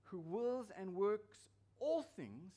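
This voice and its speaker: A male pastor delivering a sermon in a fairly high voice. He presses his points with emphasis, repeating key phrases to drive them home. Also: sing-song, slow, mellow.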